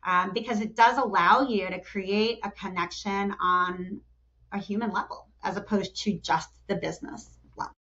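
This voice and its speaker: Dull, lo-fi podcast audio captures a middle-aged talent development executive as an interview guest, talking at a moderate pace. She tells stories animatedly, acting out quotes with pitch jumps, and frequently restarts and drops in "you know."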